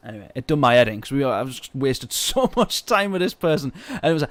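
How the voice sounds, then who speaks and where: A man streaming a racing game, telling a story in a ranting, exasperated way with sudden loud outbursts. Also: medium pitch, animated, a little fast, few pauses, no room sound. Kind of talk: casual live-stream chat.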